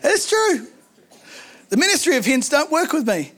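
A man preaching a sermon, telling stories in an animated way with humorous asides. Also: very high-pitched, moderate pace, a little hiss or hum. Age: adult, married.

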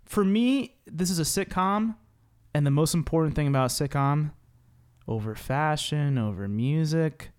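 A man co-hosting a casual podcast chat, animated and teasing, acting out his reactions. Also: on the high side, moderate pace, smooth. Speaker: podcast co-host.

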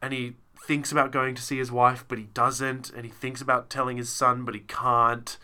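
Speaking at a normal speed with a level tone, this podcast co-host has a mid-range voice that's bright and forceful. He casually reviews a show he watched, rambling and self-interrupting with plenty of fillers.

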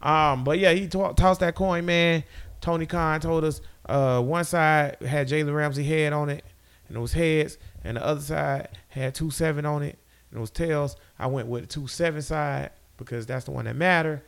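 Man, podcast co-host, gravelly voice, slightly high, animated sports trash talk. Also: moderate pace. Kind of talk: casual sports chat.

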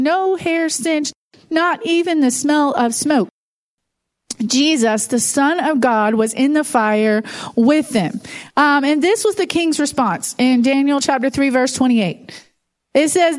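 High-pitched woman preaching in church, chatty and animated, lots of "you know"s. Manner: conversational, animated storytelling with fillers. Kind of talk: sermon.

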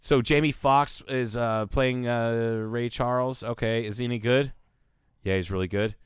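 A man's voice: mid-range voice, fairly even intonation, moderate pace, clean tone, dry recording, studio quality. A man co-hosting a podcast, telling stories in casual chat, swearing freely and acting out quoted voices.

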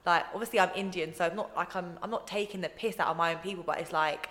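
A young woman guest talks fast in a lowish voice, telling stories in a casual chat and playing out others' lines with lively voices. Her words ring in a roomy space with long reverb.

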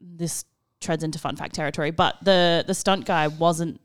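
A woman's voice: sits low, steady tone. A woman guest on a casual movie podcast, talking enthusiastically about favourite scenes. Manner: enthusiastic, drawn-out. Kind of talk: casual chat.

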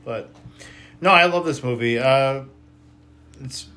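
A man co-hosting a casual podcast chat who speaks bluntly and haltingly, with many fillers. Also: medium pitch, bright, forceful tone. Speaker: podcast co-host.

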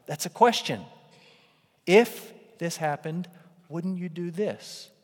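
A man's voice: high-pitched, slow pace. Emphatic preacher man in a reverberant hall. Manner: conversational, emphatic, rising to loud bursts for quoted lines. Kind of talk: sermon.

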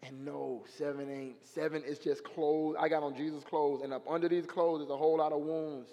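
A young man preaching a sermon in an animated, slangy storytelling way, his voice rising to shouts at the high points. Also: moderate pace. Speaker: guest preacher. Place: church sanctuary. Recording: long hall reverb.

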